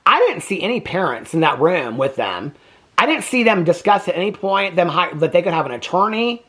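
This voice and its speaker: A man's voice: high-pitched, brisk. A man hosting a casual reaction commentary on a true crime documentary, talking in an indignant, emphatic way. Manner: animated, indignant.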